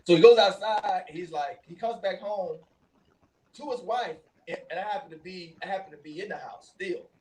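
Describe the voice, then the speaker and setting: A man co-hosting a casual talk show, telling animated stories and laughing often. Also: sits high, moderate pace, recorded from a distance, slight background noise, low-quality recording. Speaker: co-host. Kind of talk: casual chat.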